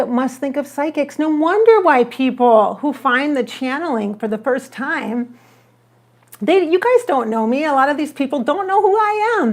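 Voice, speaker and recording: A woman who works as a psychic medium, telling a story on a casual livestream and acting out her own remarks. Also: sits high. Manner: animated, acts out her own remarks in the retelling.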